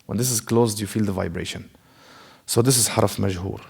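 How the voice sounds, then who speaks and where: A male teacher with a low, gravelly voice gives a classroom lecture in a mosque hall with a long echo. He talks slowly and patiently. He sounds out examples himself and poses rhetorical questions to the students. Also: steady tone, darkish tone. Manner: explanatory, demonstrates letter sounds, asks rhetorical questions. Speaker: Quran recitation teacher.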